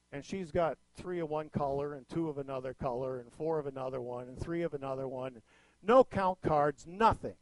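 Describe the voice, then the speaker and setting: A middle-aged man preaching a sermon as pastor, telling a family story with lively swings in pitch and loudness. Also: dry recording, rough recording.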